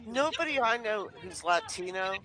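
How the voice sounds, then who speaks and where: رجل بصوت عالٍ يحكي القصص بعفوية. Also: male voice, high voice, animated, moderate pace, bright, forceful tone, rough recording. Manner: chatty storyteller, swears casually. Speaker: livestream co-host. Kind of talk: casual chat on a livestream.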